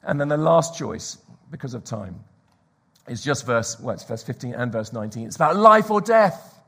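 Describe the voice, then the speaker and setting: A man preaching a sermon, telling stories and dropping to a hushed whisper for emphasis. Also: on the high side.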